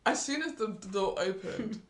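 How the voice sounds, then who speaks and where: A woman's voice: mid-range voice, normal speed. A woman co-hosting a podcast, chatting casually and acting out quotes from a reality show. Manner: animated, acts out quotes from the show. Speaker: podcast co-host. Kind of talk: casual chat. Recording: echoey room.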